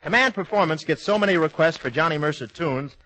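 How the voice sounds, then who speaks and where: A man hosting a 1940s radio comedy show, trading quick wisecracks, on a noisy old transcription recording. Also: a little high, lively intonation, a bit bright, no room sound. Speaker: host.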